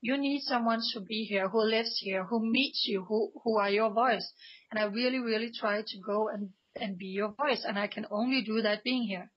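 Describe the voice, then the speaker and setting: A woman from Denmark speaks in a fairly high voice, earnest and emphatic, often restarting her sentences. The audio is dull and lo-fi, like a radio call-in line. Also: fairly even intonation, normal speed, slightly rough. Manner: passionate, emphatic, many restarts. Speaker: guest, pro-Israel activist.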